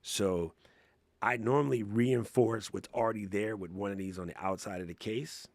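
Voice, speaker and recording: Man, gravelly, casual live Q&A host, slangy, laughs a lot, dry close mic. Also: lowish voice, normal speed, no room sound. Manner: excitable, slangy, laughs often. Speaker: livestream host.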